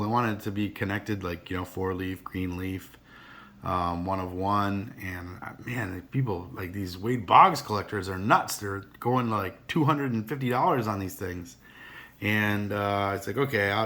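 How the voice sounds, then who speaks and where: A middle-aged man with a fairly low, slightly bright voice talks casually to camera about his card collection. The vlogger rambles earnestly, restarting often, and sounds emotional and teary.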